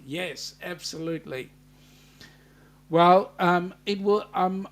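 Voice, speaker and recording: An Australian man hosting a casual live-stream chat, reading out viewer comments and bantering with them, with frequent ums and restarts. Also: a little high. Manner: hesitant, many ums and restarts.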